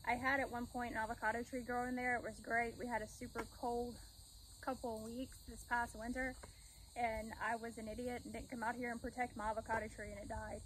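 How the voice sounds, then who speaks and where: Talking casually to the camera while she works, a gardening vlogger walks viewers through each step in her backyard garden. Her voice is on the high side with a fairly bright tone, and she gets breathless now and then. The audio is poor, with a little hiss or hum.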